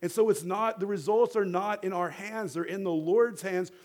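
A middle-aged man preaching a sermon as a rabbi, animated and building toward fervent exhortation, leading the congregation to repeat words back. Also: high-pitched, moderate pace. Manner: animated, rising to near-shouting exhortation; leads the congregation in call-and-response.

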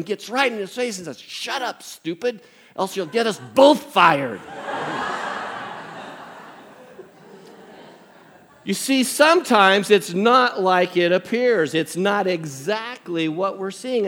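A man preaching a sermon, telling a humorous story and reading scripture aloud in an animated, conversational way. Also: high voice. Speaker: pastor.

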